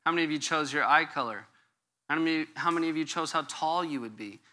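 A man's voice: a little high, fast, sharp tone. A middle-aged man preaching a conversational sermon as a pastor. He jokes and keeps checking in with the listeners. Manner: casual and joking, checks in with the audience.

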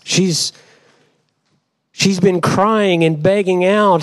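Male pastor with a high, animated voice and slow, deliberate delivery; dramatic sermon style that keeps questioning the congregation. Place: church before a congregation.

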